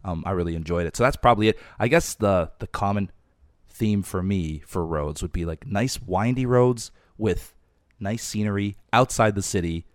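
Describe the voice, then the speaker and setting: A man hosting a podcast, talking softly because he is losing his voice, in a casual, rambling chat. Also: on the low side, moderate pace, no room sound, clean studio sound. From Canada. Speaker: podcast host.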